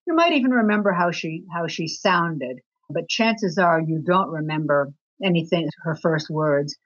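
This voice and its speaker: A woman answering interview questions as a guest author on attraction, talking expressively with her pitch jumping up for emphasis. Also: animated, normal speed. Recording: dull lo-fi recording.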